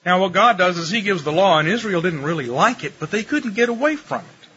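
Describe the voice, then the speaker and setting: Animated preacher guy, bright forceful voice, kinda muffled live recording. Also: brisk. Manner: animated, shifts pace and pitch for emphasis. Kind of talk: sermon lecture. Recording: muffled live recording with faint room noise.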